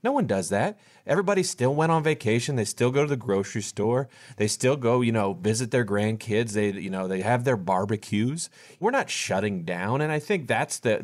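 A middle-aged man, a financial advisor, co-hosting a podcast in an animated casual chat and acting out what his clients say. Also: mid-range voice. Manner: animated, acts out clients' quotes.

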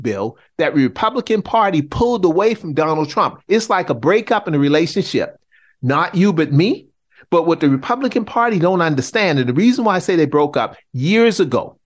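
Middle-aged south carolina guy on a politics podcast, kinda high voice, bouncy, teasing showman energy. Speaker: podcast co-host. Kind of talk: casual political chat.

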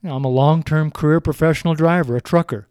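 A man's voice: a little high, fast talker, darkish tone, smooth, dry recording, clean studio sound. A man in his sixties, a street preacher speaking on a podcast, crying and pleading earnestly into his microphone. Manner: pleading, earnest, repetitive appeals. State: tearful, crying while speaking.

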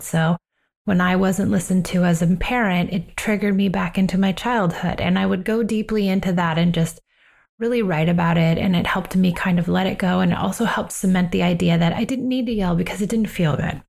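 Calm, earnest woman with a low voice. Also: moderate pace, vocal fry. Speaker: parenting coach and podcast host. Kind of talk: solo podcast advice.

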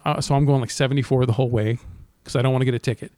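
A man's voice: mid-range voice, fairly even intonation, very fast, dark tone, dry recording. A man on a casual podcast, telling a long story, swearing a lot and acting out the voices of the people in it. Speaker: podcast co-host.

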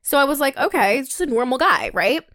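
Young woman, casual storyteller, higher voice, animated, acts out the quotes; dry, close mic. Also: brisk, dry recording. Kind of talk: casual chat, telling a dating story.

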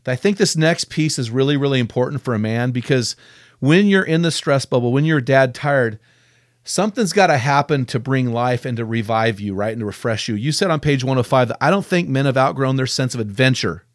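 A man hosting a faith-focused podcast interview, enthusiastic and quick to quote authors. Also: medium pitch, dry recording, clean studio sound. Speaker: podcast host.

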